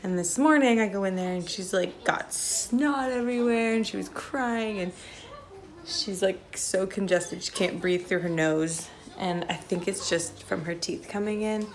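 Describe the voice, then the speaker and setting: Young woman, worn-out mother, casual vlog chatter, mid pitch, lots of vocal fry. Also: unhurried. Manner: tired, chatty, sighing, many "like"s. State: exhausted. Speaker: family vlogger, mother. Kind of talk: casual home vlog talk. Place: messy family home, indoors. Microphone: phone held while filming.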